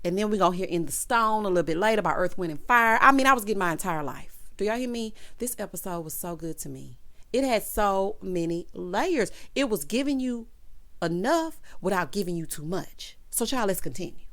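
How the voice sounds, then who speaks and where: A woman talks through a TV episode in a relaxed recap, animated and sassy. She keeps turning to her viewers with chatty asides. Her voice sits in an ordinary middle pitch for a woman. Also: a little fast. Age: adult with a child. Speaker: TV recap reviewer.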